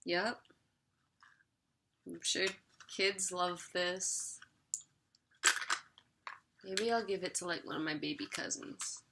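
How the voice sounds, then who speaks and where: A woman's voice: lowish voice, slow pace, creaky, pauses often, very noisy. A young woman vlogging an unboxing in a chatty, giggly way, sometimes talking while she eats. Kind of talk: casual unboxing chat.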